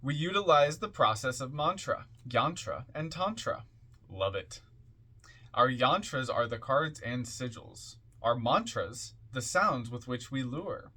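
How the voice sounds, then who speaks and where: A man reading passages from an occult book aloud in a measured, deliberate way, with offhand asides in between. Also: medium pitch, expressive, sharp tone, husky.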